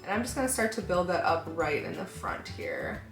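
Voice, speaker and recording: A woman with a fairly low voice chats through her makeup routine, musing aloud and hedging as she goes. She talks in an echoey room, with faint music playing behind her. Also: very animated, brisk. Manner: chatty, thinks aloud while working, hedging with "like" and "I don't know". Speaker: beauty vlogger. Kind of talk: casual makeup tutorial chat.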